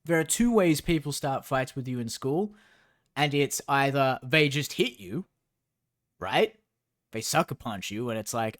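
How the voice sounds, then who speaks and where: A man with a mid-range, fairly bright voice reads a novel aloud on a stream, animated but at a measured pace. He keeps breaking off into sarcastic, rambling asides.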